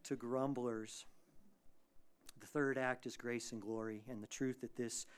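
A man preaching a sermon as pastor, dynamic, moving between hushed lines and loud, emphatic bursts. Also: medium pitch, steady tone, a little slow, clean tone. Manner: acts out quoted prayers and voices.

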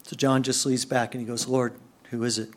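A man preaching a sermon, moving between quiet, hushed passages and excited, raised outbursts. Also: medium pitch, brisk. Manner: animated, swings from hushed to excited. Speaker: pastor.

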